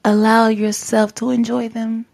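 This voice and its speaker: A woman's voice: fairly high pitch, little pitch movement, measured pace, creaky, a little mellow. A young woman hosting a faith-based podcast, speaking heartfelt and encouraging words straight to her listeners in a casual way. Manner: casual, says "like" often. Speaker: podcast host. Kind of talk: faith-based motivational talk.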